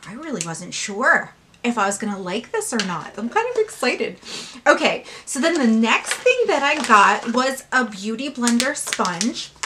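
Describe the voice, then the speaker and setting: A woman beauty vlogger unboxing and swatching makeup, gushing and excitable, now and then dropping to a hushed whisper. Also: fairly high pitch, background noise.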